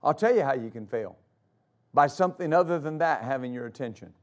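A male pastor preaching a sermon, emphatic, repeating phrases for stress and swinging between loud declarations and quiet asides. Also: mid-range voice, expressive, fairly quick.

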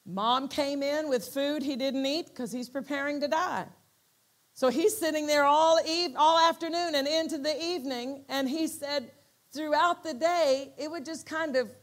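A woman pastor preaching a sermon, telling a story with animated, acted-out quotes. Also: high voice.

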